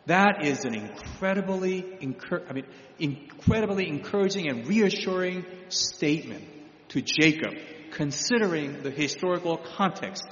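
A man delivers a teaching sermon from the pulpit in a somewhat higher register, stopping and restarting his phrases as he explains. The recording is dull and lo-fi, with a long reverb from a large, echoey room. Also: expressive. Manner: explanatory, halting with repeated restarts. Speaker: pastor. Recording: echoey hall, dull lo-fi sound.

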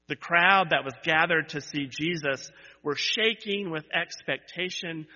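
A male pastor with a sharp, mid-range voice delivers a sermon in his church sanctuary, alternating between rising, emphatic repeated cries and casual asides to the congregation. The audio is dull and carries a long church reverb.

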